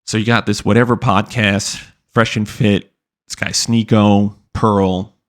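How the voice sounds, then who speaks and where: A man's voice: fairly low pitch, flat delivery, unhurried. A young man hosting a podcast, ranting casually with profanity and lots of filler words. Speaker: podcast host. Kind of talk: casual commentary rant.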